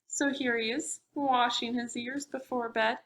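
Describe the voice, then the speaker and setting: A woman librarian leads a preschool storytime, reading aloud in an animated way and asking the children questions. Her voice is bright and she takes her time. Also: a little high, unhurried, poor audio.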